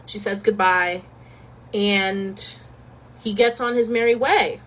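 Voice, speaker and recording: A woman casually retelling a Greek myth in a slangy, animated storytelling manner. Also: medium pitch, slow pace, rough recording.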